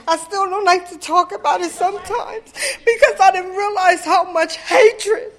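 A woman's voice: very high voice, moderate pace, few pauses. Emotional woman sharing her recovery story. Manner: raw, emotional, profane storytelling. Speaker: recovery meeting speaker. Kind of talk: personal testimony at a meeting.

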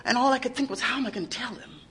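A woman's voice: a little high, lively intonation, rapid-fire, a bit bright, a little hiss or hum. A woman telling a raw personal recovery story, candid and emotional, with frequent swearing. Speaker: recovery speaker sharing her story. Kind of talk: personal testimony.

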